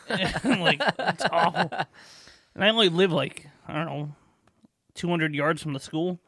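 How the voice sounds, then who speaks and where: A fairly high-voiced man cohosting a podcast, loud and quick to laugh. He swears freely while telling everyday stories in casual banter. The sound is dry and close, with almost no room echo. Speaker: podcast co-host. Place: podcast studio.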